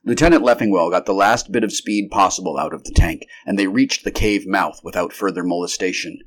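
Male narrator with a fairly low voice, reading a vintage sci-fi story steadily and without rehearsal. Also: fairly quick.

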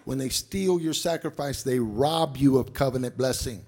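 A male pastor preaching a sermon, swinging from low murmurs to shouts and calling out to the congregation. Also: normal speed. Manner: calls out to the congregation.

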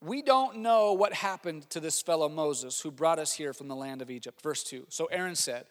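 Male pastor, sermon, high voice, animated, loud exclamations and quiet asides, long hall reverb. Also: normal speed, few pauses.

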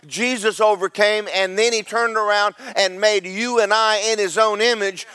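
Pastor, high tenor, preaching sermon with big dynamic swings, close dry mic. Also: male voice, steady tone, clear, resonant tone, no room sound. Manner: preaching with swings from loud and slow to quiet and quick.

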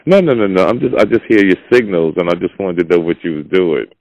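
Podcast host, man, very deep rough voice, blunt and preachy. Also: quick pace, darkish tone, dry recording. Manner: blunt, preachy, gravelly and low. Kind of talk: casual opinionated monologue. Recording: dull lo-fi audio.

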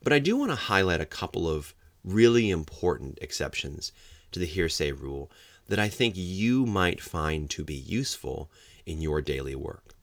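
Very deep gravelly male legal lecturer. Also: big pitch swings, normal speed, no room sound. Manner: explanatory, acts out quoted examples with sudden loud outbursts. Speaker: legal trainer for law enforcement.

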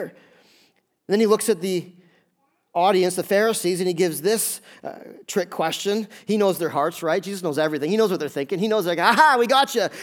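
A man's voice: high-pitched, darkish tone. A man preaching a sermon in a church, talking conversationally and often asking the congregation questions. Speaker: pastor.

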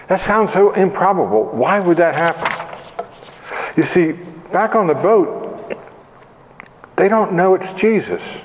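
A man's voice: sits high, animated, unhurried, pauses often. A man preaching a sermon in a conversational, reflective way and posing questions to his listeners. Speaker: pastor. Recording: echoey hall with long reverb.

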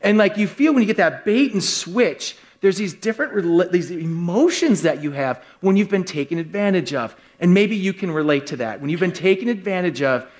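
A man preaching a sermon to a live congregation, telling a funny story with lively, joking delivery. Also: sits high, brisk, few pauses. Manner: animated, joking, acts out quoted voices. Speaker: pastor. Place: church hall with a live congregation.

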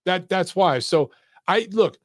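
Relaxed man hosting a live stream. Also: high voice, unhurried, no echo, clean studio sound. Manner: relaxed, laughs easily, loose and profane. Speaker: boxing show host. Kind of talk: casual live-stream chat.

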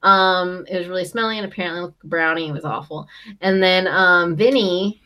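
Young woman, casual chat, low-ish voice, filler-heavy, rambling recap. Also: brisk, bright, forceful tone. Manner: chatty, lots of fillers like "um" and "like". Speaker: co-host recapping a reality show.

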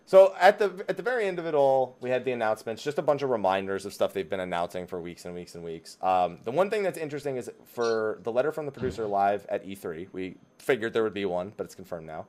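A man's voice: on the low side, expressive, quick pace, few pauses, darkish tone. A man hosting a casual gaming podcast, rambling and joking, often laughing. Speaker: podcast host.

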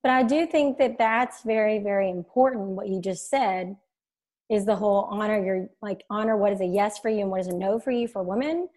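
A woman's voice: medium pitch, a little fast, darkish tone. A woman hosting a casual conversation, affirming and eager as she responds.

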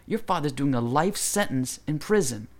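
A man voicing a stern adult man who breaks up a fight and scolds the teenagers loudly. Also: fairly high pitch, expressive, normal speed, voice pushed up, close to an everyday voice. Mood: scolding. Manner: loud, scolding.

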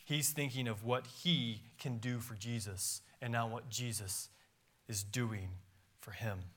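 A man's voice: mid-range voice, slow pace, a bit bright. A pastor preaching a sermon in a church, reading scripture aloud with emphatic rises and drops in his voice. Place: church sanctuary.

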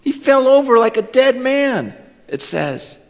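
A man preaching a Christmas Eve sermon in a church, animated and repeating words, dropping low and quiet for emphasis. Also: a little slow. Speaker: pastor. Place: church sanctuary. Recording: muffled with long hall reverb.

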